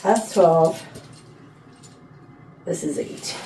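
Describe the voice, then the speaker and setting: A woman's voice: lowish voice, fairly even intonation, extremely slow, pauses often. Chatty woman from Canada, roomy echo. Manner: chatty, playful, rambling asides. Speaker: vlogger. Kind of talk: casual chat while trying on clothes. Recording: roomy, distant, faint room noise.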